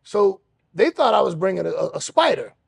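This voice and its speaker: A man hosting a podcast, telling a story in an animated way and acting out other people's voices. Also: sits high, brisk, vocal fry, slightly rough, no room sound. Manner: acts out other voices, shouting and laughing. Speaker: podcast host.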